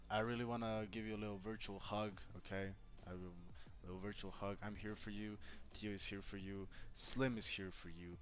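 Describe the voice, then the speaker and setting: A man's voice: lowish voice, fairly bright tone. A man chatting casually on a live stream, giving blunt, profane, reassuring relationship advice straight to a viewer.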